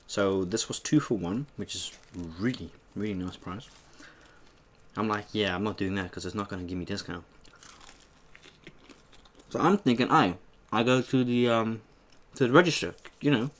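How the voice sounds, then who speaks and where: A young man eating on camera and telling a story in a casual, animated way, swearing freely as he acts out an argument at a shop. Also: fairly low pitch, moderate pace. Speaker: mukbang host.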